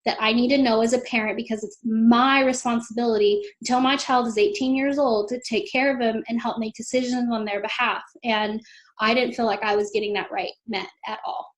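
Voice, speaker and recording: Earnest high-voiced mother telling her story. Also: steady tone, brisk. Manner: emotional, earnest, quoting others in a lifted voice. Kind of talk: interview storytelling.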